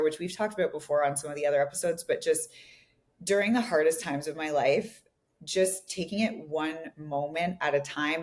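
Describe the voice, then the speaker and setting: Woman reflecting with a laugh on a podcast. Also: deep voice. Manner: reflective, laughs often, many fillers like "like". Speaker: podcast co-host and relationship coach. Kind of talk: casual podcast conversation.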